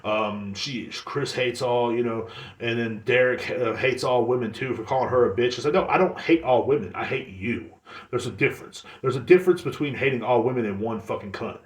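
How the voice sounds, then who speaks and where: A man hosting his own podcast, telling a story in a rambling, profane, animated way. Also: medium pitch, brisk, echoey room. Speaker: podcast host. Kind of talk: casual solo podcast rant.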